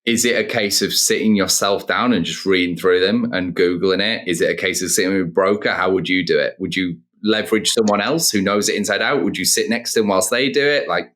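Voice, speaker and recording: Male interviewer, fairly low voice, probing and persistent. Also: fairly quick, hardly any pauses, fairly bright tone. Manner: probing, stacks several questions in a row. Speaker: host. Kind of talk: interview questions.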